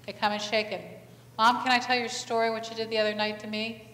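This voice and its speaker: A woman's voice: a little high, fast talker, a little hiss or hum. Woman pastor preaching in an echoey church. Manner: asks the congregation many questions, animated storytelling. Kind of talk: conversational sermon. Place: church sanctuary. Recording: echoey church hall, faint ambience.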